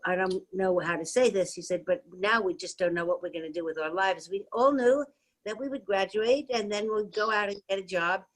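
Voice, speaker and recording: A man tells stories about a late friend in an earnest, direct way. He speaks plainly in a relaxed group conversation. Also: high voice, rough recording.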